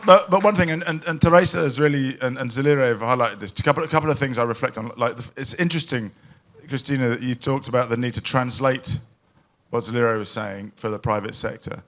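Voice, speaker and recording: A man's voice: medium pitch, quick pace, fairly bright tone. Emotional man speaking at a live event. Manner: emotional, anecdotal, full of restarts. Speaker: panel speaker at a climate event. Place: event pavilion hall.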